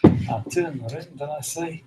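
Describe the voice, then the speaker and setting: A man's voice: on the high side, measured pace, heavy background noise. A man telling a long, rambling stand-up story with dry, self-deprecating understatement. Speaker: comedian.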